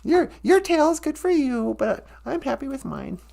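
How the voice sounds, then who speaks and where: A man's voice: extremely high pitch, very animated, moderate pace, creaky, warm tone, exaggerated voice. A man doing an easygoing old bear.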